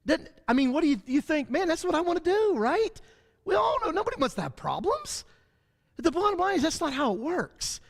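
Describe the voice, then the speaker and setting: Man preaching a bible study, voice way up high, really lively, long echo off the church hall. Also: a little fast, creaky. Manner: animated, acts out voices of people and God.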